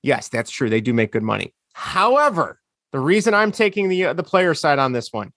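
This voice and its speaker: A man's voice: fairly high pitch, very animated, fairly quick, fairly bright tone, dry recording, clean studio sound. A man co-hosting a podcast, ranting sarcastically in casual chat. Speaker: podcast co-host.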